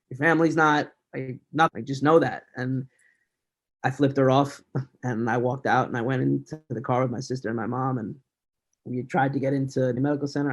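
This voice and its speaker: A man in his thirties, a podcast guest telling a personal story candidly, often laughing as he talks. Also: mid-range voice.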